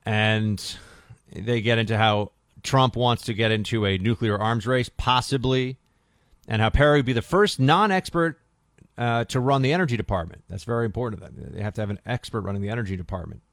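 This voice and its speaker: A man's voice: lowish voice, a little fast, no echo, clean studio sound. Sarcastic male talk radio host. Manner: sarcastic, combative. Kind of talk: political talk radio commentary.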